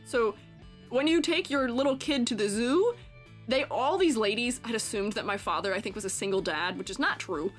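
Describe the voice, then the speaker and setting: A young woman streamer telling a rambling, animated story, laughing often and acting out voices. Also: a little high, normal speed, soft background music.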